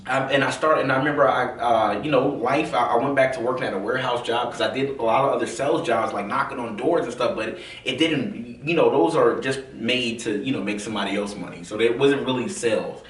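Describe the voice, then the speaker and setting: Southern guy rambling fast through a story, acts out voices, sounds far from the mic. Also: mid-range voice. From American South. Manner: animated, acts out quoted voices, many fillers. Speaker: realtor telling his story. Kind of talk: casual storytelling monologue. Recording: roomy, from a distance.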